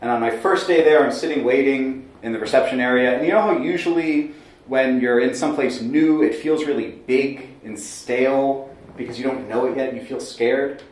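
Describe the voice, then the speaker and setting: A man's voice: mid-range voice, normal speed. Man telling a comic story in an echoey room. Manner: lively storytelling with wry asides. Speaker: solo storyteller. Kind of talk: comic solo stage storytelling. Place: small theater stage. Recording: very echoey room, mic far off.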